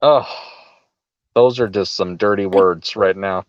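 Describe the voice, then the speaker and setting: A man's voice: low voice, unhurried, dry recording, highs cut off. A man co-hosting a political podcast, talking casually with a sarcastic, mocking edge and frequent laughs. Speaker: podcast co-host.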